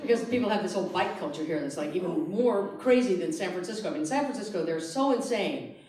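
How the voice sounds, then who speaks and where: A woman's voice: fairly low pitch, quick pace, a crowd in the background. Brash woman ranting onstage. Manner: brash, profane, animated, ranting. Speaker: stand-up comedian. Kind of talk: stand-up comedy set. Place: theatre stage before a live audience. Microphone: handheld stage mic. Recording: roomy live theatre with audience laughter. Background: audience laughter.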